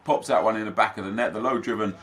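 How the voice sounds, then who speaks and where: A man's voice: lowish voice, quick pace, fairly bright tone. A young man giving casual, chatty commentary over his own football video game matches for viewers. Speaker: gaming YouTuber.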